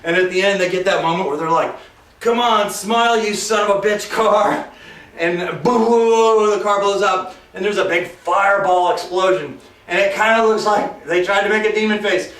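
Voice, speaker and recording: High-voiced man rambling in an echoey room. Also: normal speed, fairly bright tone. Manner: jokey, sarcastic, digressive, mimics characters. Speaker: movie reviewer. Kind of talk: rambling casual movie review. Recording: roomy echo, mic far off.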